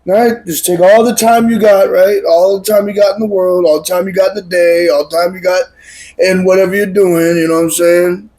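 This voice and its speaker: A man hosting a comedic call-in show, boisterous and profane, repeating phrases and shouting. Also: sits high, fairly even intonation, a little fast, poor audio. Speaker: host.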